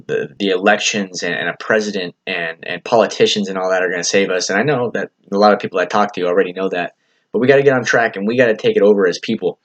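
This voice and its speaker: Male podcast host, slightly low voice, loose motivational monologue, earnest and rambling, swears casually. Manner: earnest, rambling, heavy on "you know" fillers and swearing. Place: lives in California.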